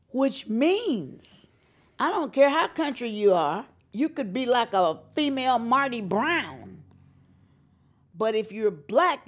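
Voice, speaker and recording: An older woman from North Carolina, telling stories in an interview and acting out the voices of the people she quotes. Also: a little high. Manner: animated storyteller who acts out quoted voices. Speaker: singer and showcase organizer. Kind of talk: storytelling interview.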